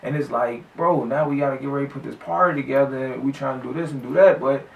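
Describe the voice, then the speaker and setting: A gravelly male vlogger telling a story off the cuff, slangy and profane, often restarting his sentences. He sits some way back from the mic in an echoey room. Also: medium pitch, quick pace, distant mic, phone-quality sound. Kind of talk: casual storytelling.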